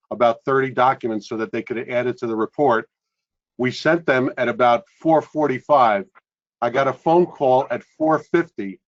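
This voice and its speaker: A man who is a participant on a group call, casually telling a work anecdote in a conversational way. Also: mid-range voice. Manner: conversational storyteller. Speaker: call participant, industry veteran. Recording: dull lo-fi call audio.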